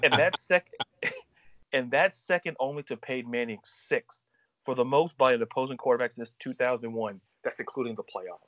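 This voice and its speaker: A man hosting a sports talk show, emphatic and quick with statistics. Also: mid-range voice, pushed and bright, no echo, highs cut off. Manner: emphatic, rapid-fire stats.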